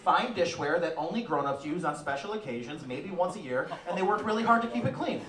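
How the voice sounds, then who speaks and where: A young adult man doing a stand-up comedy set on a club stage, deadpan with sudden loud outbursts. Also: fairly high pitch, a little fast, far from the mic, a crowd in the background. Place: comedy club stage before a live audience. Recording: roomy live club sound, from the back, audience laughter.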